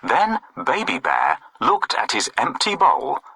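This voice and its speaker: A man's voice: mid-range voice, huge pitch swings, slow pace, vocal fry, sharp tone, a little hiss or hum, rough recording. A man narrating a children's storybook with a sing-song, swooping storyteller delivery.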